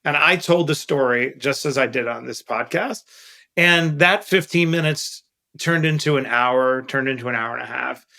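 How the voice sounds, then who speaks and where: With a gravelly, sharp, mid-range voice at a moderate pace, a middle-aged man from Queens, New York, guests on an interview podcast. An investor, he tells candid, earnest stories and emphasizes his main points.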